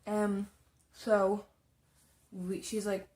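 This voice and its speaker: A woman's voice: medium pitch, monotone, drawn-out words, a little mellow. Chatty young woman rambling through a story. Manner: rambling, chatty, full of "like" and restarts. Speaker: makeup vlogger. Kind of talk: casual storytelling while doing makeup.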